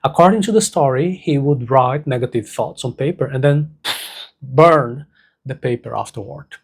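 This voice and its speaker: A man teaching a self-help lesson, speaking slowly and deliberately and repeating key words for emphasis. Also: medium pitch, vocal fry, breathy edge. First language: Portuguese.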